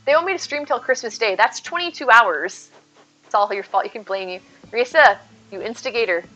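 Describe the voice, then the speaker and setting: A woman livestreaming from home, chatting with her viewers in an excitable, over-the-top way. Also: fairly high pitch, brisk. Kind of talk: casual live game stream chat.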